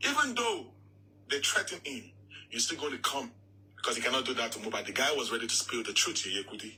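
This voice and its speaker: A man with a Nigerian accent giving animated casual commentary as a vlog co-host, often repeating "yeah.". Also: fairly high pitch, a little hiss or hum, poor audio.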